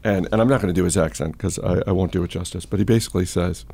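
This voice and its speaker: Gravelly low-voiced male podcast host. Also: racing, few pauses, mellow. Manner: chatty, with many fillers and restarts. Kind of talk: casual storytelling and market chat.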